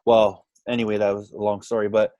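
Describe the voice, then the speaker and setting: Animated storytelling man, dry close sound. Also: on the low side, fairly quick, no echo, muffled recording. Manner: animated, quotes others in lively voices. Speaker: podcast guest. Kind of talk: casual storytelling.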